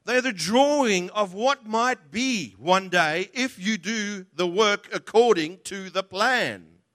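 A man's voice: high-pitched, lively intonation, takes it slowly, fairly bright tone. A man preaching a sermon emphatically, acting out the voices he quotes.

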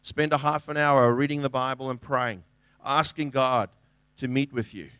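A man's voice: medium pitch, moderate pace, fairly bright tone, clear, resonant tone, no room sound, studio quality. A middle-aged man preaching a sermon as a pastor, in a conversational, earnest way with restarts and acted-out quotes.

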